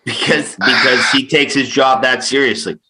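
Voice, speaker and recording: A man's voice: medium pitch, moderate pace, sharp tone, poor audio. A man co-hosting a casual podcast, joking in dry teasing banter. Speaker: podcast co-host. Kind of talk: casual chat.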